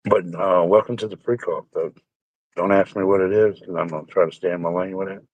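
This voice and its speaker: A man's voice: deep voice, steady tone, fairly quick, darkish tone, no echo, low-quality recording. Rambling man with a cold. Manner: rambling, salty, joking. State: has a bad cold. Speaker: live-stream host. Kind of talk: casual chat with viewers.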